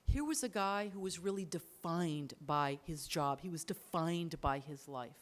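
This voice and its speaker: A woman lecturing an audience on storytelling, animated, acting out quoted lines and talking in quick bursts. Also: sits low. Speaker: writing lecturer. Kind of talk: lively talk to an audience. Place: lecture hall.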